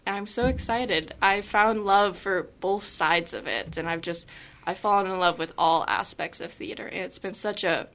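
A teenage girl, a high school theater student, chatting as an interview guest and gushing as she tells her story with acted-out quotes. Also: animated, normal speed, a bit bright. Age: teens. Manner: gushing, enthusiastic storyteller who acts out quotes. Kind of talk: casual interview chat.

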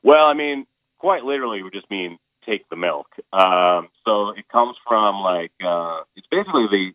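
Low-voiced man on a tinny phone line. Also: animated, no echo. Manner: halting, lots of fillers and restarts. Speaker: stage performer interviewed as a guest. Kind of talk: casual interview over the phone.

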